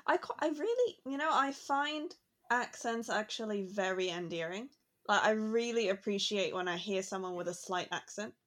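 A woman's voice: mid-range voice, lively intonation, normal speed, a bit bright. Casual co-host: woman, conversational, reflective, easy laughter. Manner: chatty, reflective, laughs easily. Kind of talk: casual chat.

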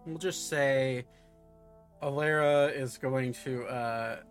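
A man narrating a tabletop role-playing game as game master, recapping events with many pauses, filler sounds and restarts. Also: mid-range voice, soft background music.

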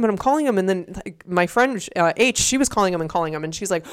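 A woman co-hosting a casual podcast, telling stories in an animated way, acting out quotes and swearing freely. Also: mid-range voice, fast talker, few pauses, smooth. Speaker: podcast co-host. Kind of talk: casual chat.

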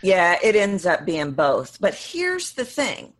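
A woman's voice: lowish voice, huge pitch swings, slow pace. A woman voice coach, a guest in an interview, explaining her work and acting out examples mid-sentence.

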